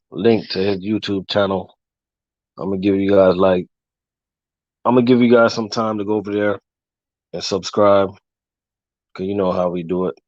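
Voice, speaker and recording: A man hosting a casual livestream, talking loosely with fillers and giving long shout-outs. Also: on the low side, no echo. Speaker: livestream host. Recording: dull, lo-fi dry sound.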